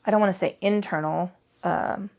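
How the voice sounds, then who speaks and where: Her voice is lowish, creaky, and darkish, moving at a moderate pace. A yoga instructor teaching a casual class into a microphone, she chats and curses her way through rambling asides, tired after too little sleep.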